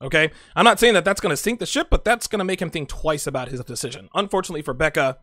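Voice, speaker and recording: A man's voice: fairly high pitch, rapid-fire, a bit bright, no room sound, clean studio sound. A man giving blunt, profane casual commentary on a TV show, talking straight to his viewers.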